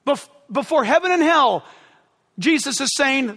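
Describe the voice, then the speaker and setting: Guy preaching all fired up, yelling w excitement, sharp bright tone, big hall echo. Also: very high voice, measured pace. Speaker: pastor. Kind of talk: sermon.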